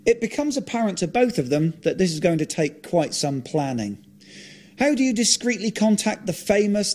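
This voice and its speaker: Male author-reader, deadpan delivery, blunt asides, slightly raised pitch. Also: normal speed. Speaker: author narrating his own script. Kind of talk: reading a script aloud, narration and dialogue.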